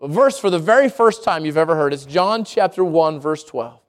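A male pastor preaching a sermon, animated and talking straight to his congregation. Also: normal speed. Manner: animated, swings pitch widely, addresses congregation directly.

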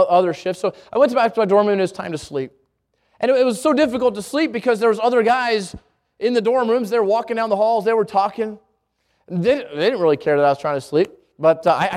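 High-voiced man preaching a sermon. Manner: storytelling, rising to shouts for emphasis. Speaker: pastor.

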